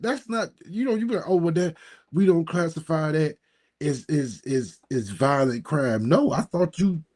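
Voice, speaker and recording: A man commentating on a live stream, mocking and sarcastic, his voice jumping up high when he scoffs and talking straight at his audience. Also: a little mellow. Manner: talks directly to the audience. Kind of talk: reacting to a replayed live stream.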